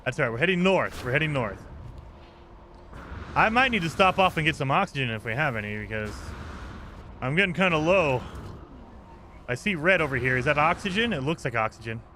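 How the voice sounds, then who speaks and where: Bright-voiced rambling male game streamer. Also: a little high, lively intonation, brisk, a little hiss or hum. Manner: rambling, ranting, reads chat aloud. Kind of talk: casual live-stream chat.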